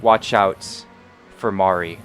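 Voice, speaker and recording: A man voicing a humble, motherly spirit that speaks gently inside a character's mind. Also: low voice, steady tone, slow pace, faint music behind. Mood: gentle. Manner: soft, hushed.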